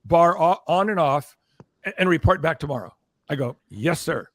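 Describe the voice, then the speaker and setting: An older man, a podcast guest and former record executive, telling an animated story in conversation, acting out what others said and checking in with "okay?". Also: on the high side, moderate pace, no echo, clean studio sound. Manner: animated, acts out quoted voices, keeps checking in with "okay?".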